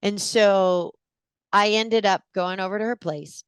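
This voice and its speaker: A woman in her forties, a guest in an interview, telling a personal story in an animated way and acting out what people said. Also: mid-range voice, a little slow, clean tone, no echo. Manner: animated storyteller, acts out quotes with gasps.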